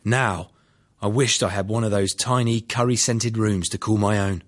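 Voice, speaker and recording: A man's voice: fairly low pitch, steady tone, normal speed. A man narrating his own life story in a dry, plain-spoken first-person audiobook reading. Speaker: memoir narrator.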